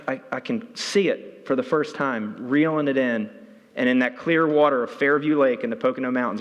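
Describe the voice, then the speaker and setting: Animated male speaker in a big hall. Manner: animated, voice jumps high when excited. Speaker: keynote speaker. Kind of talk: conference talk with storytelling. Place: large hall. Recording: reverberant hall.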